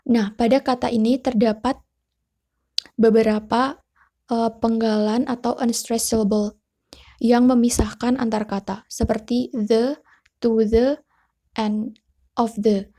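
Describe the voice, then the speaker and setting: A young woman with an Indonesian accent gives a class presentation as a student, her voice fairly high and dark in tone with fairly even intonation. She reads steadily but a little slowly, pausing often, using hesitant fillers and switching between English and Indonesian.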